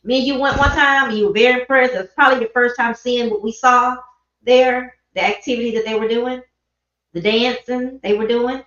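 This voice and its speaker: Animated woman host telling stories. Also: a little high, brisk. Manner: animated storyteller, mimics people, laughs often. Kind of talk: casual chat. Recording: echoey, dull livestream audio.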